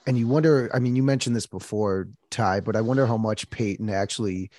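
A man with a somewhat low voice wonders aloud in a casual chat, measured and unhurried in his remarks. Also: darkish tone, no echo.

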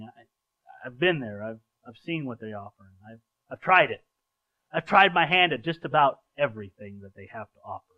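In lo-fi sound, a pastor with a somewhat high voice preaches earnestly and conversationally. His sermon includes a live illustration onstage, and he tends to repeat words as he begins his sentences again.

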